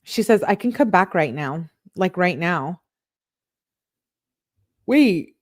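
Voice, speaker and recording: A woman hosting an online show, reading text messages aloud and breaking in with quick reactions of her own. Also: on the low side, expressive, no echo, clean studio sound. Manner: reads quotes then breaks in with quick reactions. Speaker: online true-crime show host.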